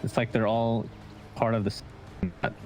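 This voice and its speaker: A man casting a live esports match in quick, joking play-by-play. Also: lowish voice, over music. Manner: quick, joking, lively delivery. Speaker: esports caster.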